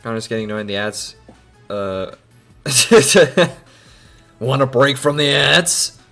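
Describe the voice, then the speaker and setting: A man streaming himself editing a video, talking to himself in rambling casual chat that breaks into sudden loud outbursts. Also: mid-range voice, normal speed, vocal fry, faint music behind.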